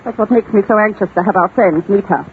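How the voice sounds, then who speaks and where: A woman's voice: mid-range voice, fast talker, very noisy, close to an everyday voice. A woman playing a scheming, haughty aristocratic widow in a 1940s radio drama, with a sweet, catty manner. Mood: sweetly malicious. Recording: tinny old 1940s radio broadcast.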